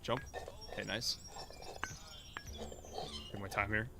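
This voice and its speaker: A man's voice: on the low side, fairly even intonation, takes it slowly, vocal fry. A male streamer giving casual live gameplay commentary, muttering to himself in a self-mocking, frustrated way. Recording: game music behind.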